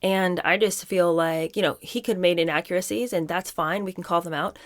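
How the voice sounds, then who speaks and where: A woman with a slightly low voice hosts a podcast, taking turns between reading passages from a book and talking straight to her listeners with blunt opinions. The sound is close and dry, with no room around her. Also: fairly even intonation, fairly quick, no room sound. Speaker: podcast host. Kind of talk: reading a book aloud and commenting on it.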